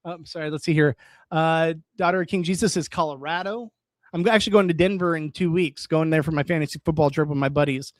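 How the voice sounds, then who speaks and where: A young man from California chatting casually on a live stream, reading viewer comments and reacting in an excitable way, laughing often. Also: fairly high pitch, fast talker, dry recording.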